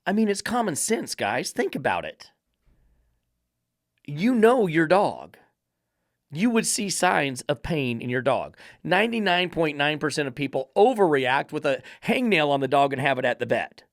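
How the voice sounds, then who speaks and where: A man's voice: on the high side, very animated, moderate pace, no echo, clean studio sound. A man hosting a dog training podcast, lecturing emphatically with repeated rhetorical questions. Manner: preachy, repetitive rhetorical questions.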